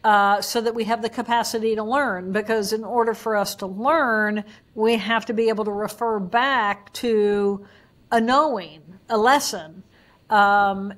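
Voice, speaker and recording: Animated woman explaining brain science. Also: on the high side. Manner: animated, acts out examples in voices. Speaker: guest neuroanatomist. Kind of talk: explanatory interview talk.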